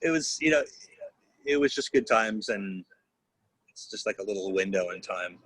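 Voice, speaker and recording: A man's voice: on the low side, expressive, moderate pace, fairly bright tone, slightly rough, no room sound, rough recording. A man in his fifties, a guest voice actor, telling rambling stories on a video call, restarting often and laughing. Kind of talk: casual anecdotal interview.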